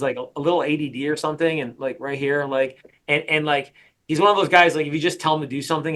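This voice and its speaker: A middle-aged man leads a sales coaching session in an energetic, emphatic way, hammering his points home by repeating them. His voice is bright and forceful and sits a bit high.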